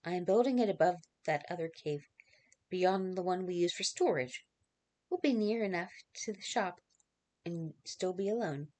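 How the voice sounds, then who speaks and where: A woman reading as a steady, devoted young carpenter, soft and reassuring, who reaches for a slightly lower register than usual. The delivery is earnest and unhurried, as in a dramatic reading of a novel. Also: lightly acted. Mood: tender.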